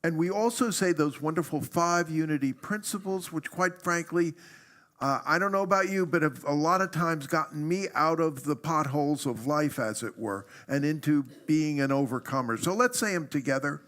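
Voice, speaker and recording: A man leading a church congregation in spoken recitation, relaxed and folksy, with frequent fillers. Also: a little high, normal speed. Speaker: minister leading a service. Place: church sanctuary.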